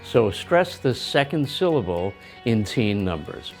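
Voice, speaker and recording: A man's voice: lowish voice, big pitch swings, measured pace, faint music behind. A man with an American accent teaching English pronunciation in a scripted lesson, explaining plainly. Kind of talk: scripted lesson with acted skits.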